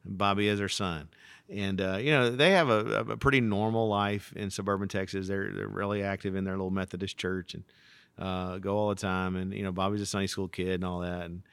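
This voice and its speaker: A man who is a pastor, chatting on a podcast and telling stories in an animated, rambling way. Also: low-pitched, fairly quick, vocal fry, clean tone, dry recording. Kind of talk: casual podcast conversation.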